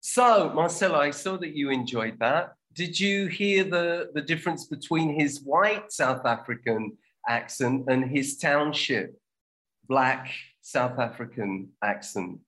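A man teaching an online English lesson, explaining in a relaxed way with frequent fillers. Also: medium pitch, takes it slowly.

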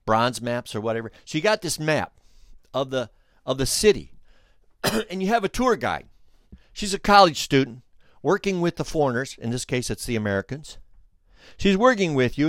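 A man hosting a podcast, telling a story in an animated way, restarting phrases and speaking straight to the listeners. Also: mid-range voice, no room sound, studio quality. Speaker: podcast host. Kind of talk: storytelling commentary.

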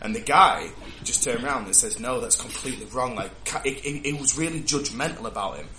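A man's voice: medium pitch, fairly quick, background noise. A man co-hosting a casual podcast chat, telling stories in rambling bursts with many restarts. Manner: rambling, restarts often, animated storyteller. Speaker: podcast co-host. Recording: roomy echo.

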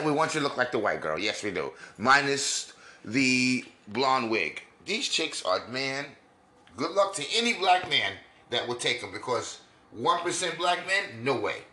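A man's voice: mid-range voice, pushed and bright, reverberant. A man giving a scornful, preachy rant as he reacts to clips for his viewers. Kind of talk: ranting video commentary.

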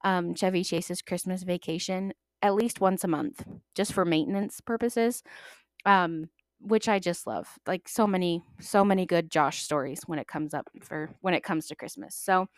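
A young adult woman hosting a podcast, telling stories in a chatty, animated way and acting out the voices of people she quotes. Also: fairly low pitch, normal speed, dry recording, clean studio sound. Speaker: podcast host. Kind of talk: casual storytelling monologue.

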